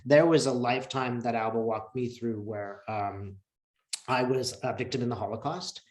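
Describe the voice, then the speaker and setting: A man in an interview, telling a personal story in an earnest, emotional, reflective way with many pauses and fillers, heard over a video call. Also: medium pitch, a little mellow. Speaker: interview guest. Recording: roomy echo.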